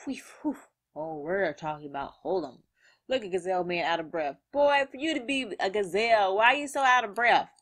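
A woman reading a manga aloud and reacting to it in a lively, slangy way, laughing often. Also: medium pitch, brisk.

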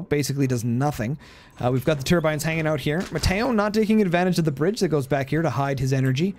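A man's voice: fairly high pitch, slight background noise. A man giving casual, jokey play-by-play commentary on a strategy game match, his voice starting to tire. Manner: jokey, excitable, voice going tired.

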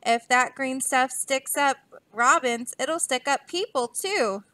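A woman's voice: sits high, takes it slowly, bright, forceful tone, no room sound, exaggerated voice. A woman voicing a worried old man, a bell ringer, while reading a storybook aloud. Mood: alarmed. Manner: worried, murmuring.

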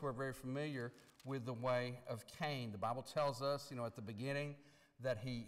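Male preacher, mid-range voice, earnest and emphatic, reverberant church hall. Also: mid-range voice. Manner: earnest, emphatic, with frequent restarts and rising stress on key words. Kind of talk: sermon. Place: church sanctuary.

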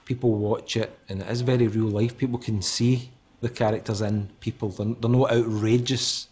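Lowish male voice, earnest commentary. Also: fairly even intonation, normal speed, darkish tone, husky. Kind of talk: interview commentary.

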